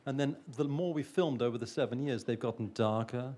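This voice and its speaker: A man's voice: mid-range voice, a little fast, dark tone. A man who works as a film producer, talking on a panel in a thoughtful, hesitant way with frequent restarts. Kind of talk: panel talk.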